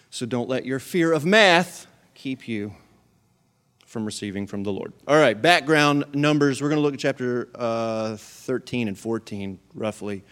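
A male pastor preaching a sermon to his congregation in an animated storytelling manner, with humor and acted-out voices. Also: mid-range voice, smooth. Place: church service with a live congregation.

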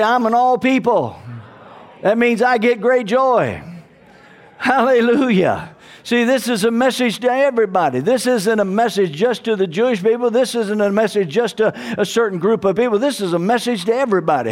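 A man's voice: high-pitched, lively intonation, moderate pace. A man preaching a sermon to his congregation, emphatic and calling out hallelujah and amen. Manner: calls out to the congregation for responses. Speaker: pastor.

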